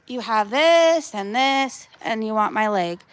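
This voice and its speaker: A woman's voice: on the high side, expressive, slow, clean tone. A woman in her thirties chatting casually on a backyard livestream, talking to her dog and her viewers and laughing often. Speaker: vlogger livestreaming. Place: backyard outdoors.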